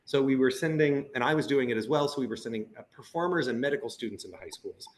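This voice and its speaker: A man's voice: mid-range voice, quick pace. A man who works as a puppeteer and teaching artist, talking earnestly in a casual video-call conversation and acting out voices as he tells stories. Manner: earnest and animated, acts out quoted voices.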